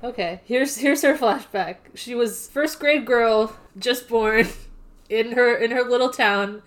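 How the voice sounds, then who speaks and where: A woman's voice: on the high side, slow. Chatty woman co-host. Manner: chatty, fills in details with "like" fillers. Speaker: podcast co-host. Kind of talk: casual anime episode recap chat.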